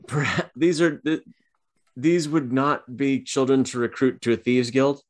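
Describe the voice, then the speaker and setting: A man narrating a tabletop game as game master, casual and halting, with many fillers. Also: mid-range voice, steady tone.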